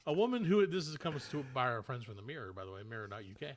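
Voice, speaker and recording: Animated, bright-voiced male podcast host. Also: medium pitch, fast. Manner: rambling, laughing, joking. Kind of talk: casual comedy chat and news reading.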